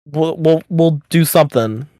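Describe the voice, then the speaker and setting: A man's voice: on the high side, a little slow, dark tone, no echo, clean studio sound. A man co-hosting a podcast in casual, bantering chat while plugging the show. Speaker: podcast co-host.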